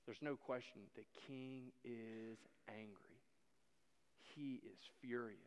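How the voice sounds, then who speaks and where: A man's voice: mid-range voice, fairly even intonation, unhurried, smooth. Dramatic preacher man in an echoing hall. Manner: dramatic storytelling, swings between loud and hushed. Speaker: pastor. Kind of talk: sermon. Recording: long hall reverb.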